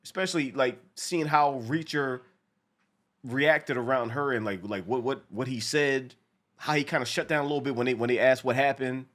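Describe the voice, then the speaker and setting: Speaking at a normal speed in a medium-pitched voice, a man co-hosts a casual reaction to a show. He's profane and animated, acting out lines from the episode.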